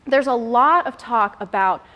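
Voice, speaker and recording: A woman's voice: fairly high pitch, measured pace, lo-fi sound. A young woman giving a casual, chatty talk to a mothers' group, laughing often and using many fillers.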